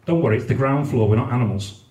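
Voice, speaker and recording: A man with a warm, mid-range voice and quick delivery does live stand-up at a comedy night, swearing crudely and imitating people's raised voices. A distant mic picks him up in the echoing venue hall.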